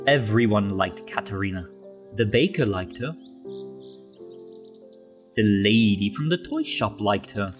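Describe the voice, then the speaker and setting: A man narrating a children's storybook aloud, expressive, slow and gentle. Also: on the low side, faint music behind.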